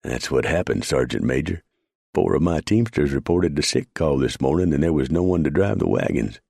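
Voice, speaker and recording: A man's voice: extremely low pitch, moderate pace, creaky, a little mellow, slightly rough, no echo, studio quality, voice pushed up, exaggerated voice. A man voicing a timid quartermaster sergeant who stammers anxiously. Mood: nervous.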